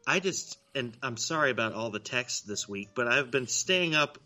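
A man co-hosts a casual podcast, rambling through stories and poking fun at himself. He swears freely. His voice is very bright and sharp at a middle pitch. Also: lively intonation, moderate pace, soft background music. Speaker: podcast co-host. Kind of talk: casual chat.

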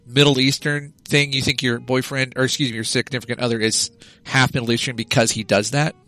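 A man's voice: mid-range voice, level tone, a little fast, sharp tone, soft background music, rough recording. A man hosting a podcast, telling stories in a wry, casual way. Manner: wry, storytelling. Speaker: podcast host.

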